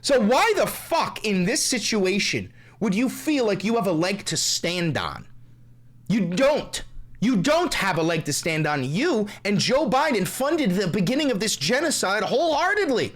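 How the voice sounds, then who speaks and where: A man hosting ranting political commentary, profane, angry and sarcastic, dropping to low asides and then shouting. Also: very animated, moderate pace. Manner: swings between low asides and raised shouting.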